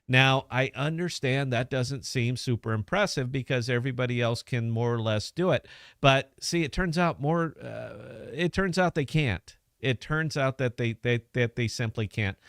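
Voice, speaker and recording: A man's voice: mid-range voice, normal speed, a bit bright, no echo, studio quality. A man hosting a podcast, talking casually and profanely as he walks listeners through an app step by step. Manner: loose, profane, instructional. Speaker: podcast host.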